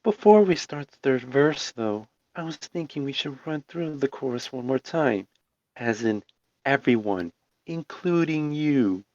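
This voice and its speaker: A man voicing a stern, practical young woman musician, calm and matter-of-fact, over dull lo-fi call audio. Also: medium pitch, measured pace, no room sound, lightly acted. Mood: explaining. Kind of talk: amateur voice reading over a call.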